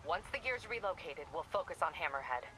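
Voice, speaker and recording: A tough female police captain with a lowish, firm voice , played by a woman. She issues clipped orders like a briefing. A noisy game scene sits behind her. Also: lively intonation, brisk, close to an everyday voice. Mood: commanding. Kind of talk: video game voice acting.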